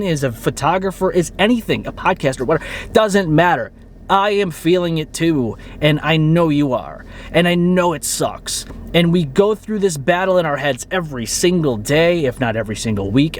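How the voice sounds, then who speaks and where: A man's voice: a little high, slight background noise. A man in his thirties, a YouTube creator and podcaster, talking candidly to the camera in an earnest, rambling way, often repeating phrases for emphasis.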